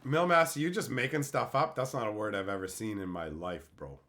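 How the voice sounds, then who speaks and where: A man's voice: on the low side, brisk, a bit bright. A young adult man streaming and reading chat aloud in casual talk, ranting with exasperated disbelief and frequent swearing.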